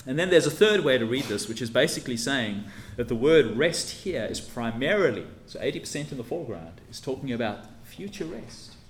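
A man gives a teaching sermon in an echoey room, with a faint hum of ambience behind him. His voice sits at an ordinary middle pitch. He lays out his points carefully and leans hard on each key word. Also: big pitch swings, a little fast, few pauses. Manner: teacherly, emphatic, stresses key words. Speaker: preacher. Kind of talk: expository sermon.

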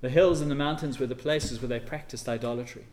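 A man preaching a sermon and reading scripture, earnest, swelling loud on key phrases and dropping soft for emphasis. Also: mid-range voice, fairly even intonation, quick pace, noisy background.

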